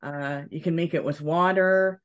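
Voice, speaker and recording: A woman leading a spiritual cacao ceremony at home, speaking gently and soothingly, often checking in with "okay". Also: low voice, fairly even intonation, smooth, lo-fi sound. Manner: slow, gentle, soothing guidance with frequent "okay". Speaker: ceremony leader.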